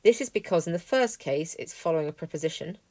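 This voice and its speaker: A woman teaching a language lesson, explaining clearly and methodically, working through a text word by word. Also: low voice, lively intonation, fast talker, darkish tone, no room sound. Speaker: Greek teacher. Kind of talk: lesson walkthrough.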